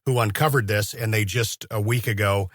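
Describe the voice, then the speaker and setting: Bright-voiced podcast host man, dry sound. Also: on the low side, steady tone, normal speed, no echo. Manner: engaged, eager, chuckles along. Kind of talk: casual interview chat.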